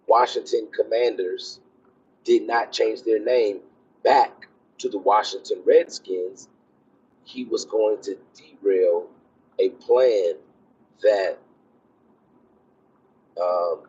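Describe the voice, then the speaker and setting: Driving onto a military base, a military officer talks in a rambling, casual vlog style full of fillers. His fairly low voice is a little mellow and slightly rough, and the sound is dull and lo-fi.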